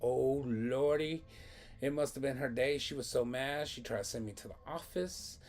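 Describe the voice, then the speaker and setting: A man's voice: mid-range voice, brisk. A young man casually telling a long, rambling, profane story from his school days in a vlog. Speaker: vlogger.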